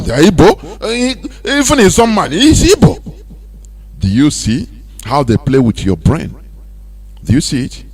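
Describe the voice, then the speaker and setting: This radio host has a Nigerian accent and a slightly high, slightly mellow voice. Speaking from a radio studio, he delivers an impassioned, preachy monologue packed with rhetorical questions that drifts into sing-song emphasis.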